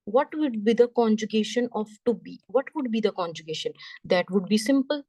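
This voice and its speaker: A woman teaching French, explaining slowly step by step, often repeating herself and checking in with "right?". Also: fairly high pitch, expressive, warm tone, no room sound. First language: Punjabi. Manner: slow, repetitive, checks understanding with "right?". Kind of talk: classroom lesson explanation.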